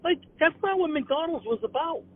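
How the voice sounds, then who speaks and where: A comedian from Boston with a Boston accent, delivering an exasperated, stammering rant over the phone. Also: male voice, very high voice, lively intonation, moderate pace, no room sound. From Boston area. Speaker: comedian guest. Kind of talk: ranting comic monologue on a call. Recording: tinny phone line.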